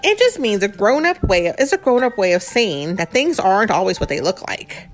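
A calm, sensible mother bear from a storybook, as a woman reading aloud puts her on. She talks gently and patiently, her voice rising and falling a lot. Soft music plays faintly behind. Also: mid-range voice, brisk, natural voice. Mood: explaining.

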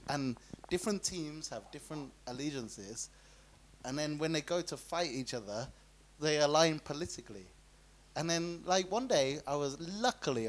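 Podcast co-host, male, voice a bit high, meandering and full of restarts. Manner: rambling, full of "like" and restarts, often laughing. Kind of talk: casual chat.

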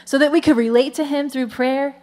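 A woman pastor in her thirties preaching in a friendly, conversational way. Her voice sits a little high, and she keeps the congregation engaged with quick asides. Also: fairly even intonation, mellow. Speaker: lead pastor. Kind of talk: sermon.

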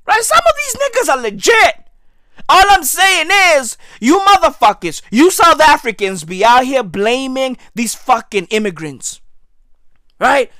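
A man delivering a profane comedic rant to camera, slangy and repetitive, with sudden loud outbursts. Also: extremely high pitch, sing-song, measured pace, dry recording, studio quality. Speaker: comedic ranter.

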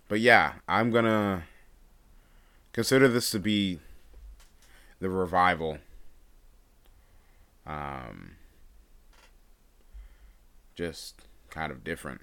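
A young man talks off the cuff on his own podcast, wandering from thought to thought with frequent ums and restarts. His voice sits very low and still has a groggy, just-woke-up roughness to it. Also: a bit bright. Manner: rambling, hesitant, many fillers and restarts. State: groggy morning voice. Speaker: podcast host. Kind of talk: unscripted solo podcast talk.

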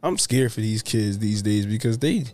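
A man's voice: fairly low pitch, normal speed, dark tone. A man in his thirties or forties co-hosting a podcast, telling stories in loose slangy casual chat and laughing between lines. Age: 30s to 40s. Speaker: podcast co-host.

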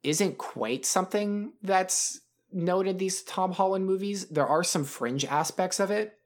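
A man's voice: high-pitched, unhurried. A man co-hosting a podcast, chatting casually about films, rambling with many restarts and fillers. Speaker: podcast co-host.

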